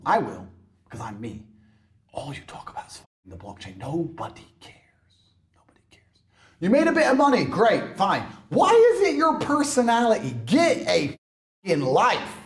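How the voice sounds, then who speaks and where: A man ranting on a podcast in a brash, mocking and emphatic way. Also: a little high. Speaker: podcast guest. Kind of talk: provocative podcast rant.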